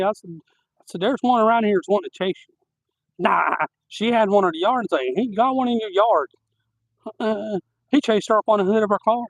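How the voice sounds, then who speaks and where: A man telling rambling, animated stories on a live stream, outdoors at night. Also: high-pitched, moderate pace, long pauses, no room sound, low-quality recording. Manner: rambling, animated anecdotes with laughter. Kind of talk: casual outdoor storytelling.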